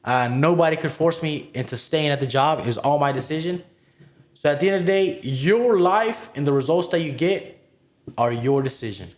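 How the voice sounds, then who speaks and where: A man's voice: a little high, expressive, moderate pace. A man who came to the United States as an immigrant kid tells his own story as a podcast cohost, in an emphatic, motivational way, swearing and calling listeners "bro.". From immigrated to the United States as a child. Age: adult, past twenty-one. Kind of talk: candid personal story on a podcast.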